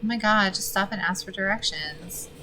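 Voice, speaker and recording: A woman streaming a video game live, chatting to herself and the game, sliding from low mutters into loud, profane outbursts. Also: moderate pace, a little hiss or hum, low-quality recording. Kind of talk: live gameplay commentary.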